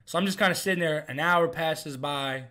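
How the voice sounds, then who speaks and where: A man's voice: a little high, moderate pace, bright, forceful tone. A young man streamer casually telling a funny story, joking and swearing as he rambles.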